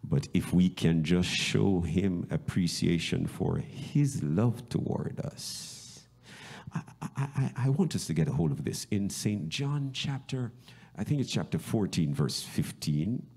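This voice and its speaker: A man preaching a sermon as a bishop, asking rhetorical questions and swinging from hushed whispers to loud, high exclamations. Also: lively intonation, vocal fry, slightly rough. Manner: slow, deliberate delivery with rhetorical questions.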